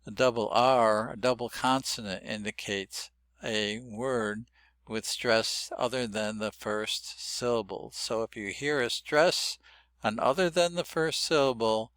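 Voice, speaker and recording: A man's voice: medium pitch, fairly even intonation, unhurried, fairly bright tone, clear, resonant tone, dry recording. An older man explaining a spelling system in a loose, rambling tutorial with frequent restarts. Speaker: phonetics teacher. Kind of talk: unscripted tutorial.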